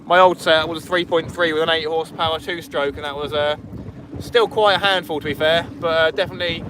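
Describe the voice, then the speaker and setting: A man's voice: a little high, fairly even intonation, fast. A young man, chatting casually with viewers while out fishing on a small inflatable boat. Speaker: fishing vlogger. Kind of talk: casual live-stream chat. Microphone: camera on the boat. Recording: wind and boat engine noise.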